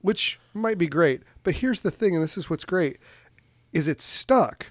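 A man's voice: high voice, measured pace, no echo. Chatty man with a close, dry sound. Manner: laughs often, animated retelling with crude jokes. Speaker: podcast co-host recapping a movie. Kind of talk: casual chat.

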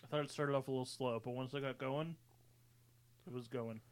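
Laid-back podcast guy, mid pitch. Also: steady tone, fairly quick, clean tone, dry recording. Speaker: podcast co-host. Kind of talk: casual movie review chat.

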